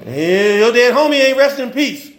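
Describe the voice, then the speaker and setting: A male pastor delivering a casual, humorous sermon full of slang, swinging between loud bursts and quiet asides. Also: extremely high pitch, expressive, moderate pace, echoey room. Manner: informal preaching with slang and humor, rising and dropping in intensity.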